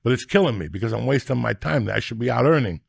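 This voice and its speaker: Middle-aged guy ranting and cursing through funny stories, raspy gravelly voice. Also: medium pitch, lively intonation, fast, dry recording, studio quality. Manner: loud, ranting, foul-mouthed. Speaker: podcast guest. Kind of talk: profane comic storytelling.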